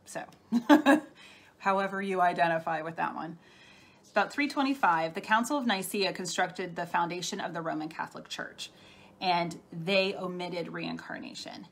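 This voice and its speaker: A woman's voice: lowish voice, normal speed, gravelly. A middle-aged woman talking casually on a live stream as a spiritual healer, chatty and laughing often as she answers viewer comments. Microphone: phone or webcam.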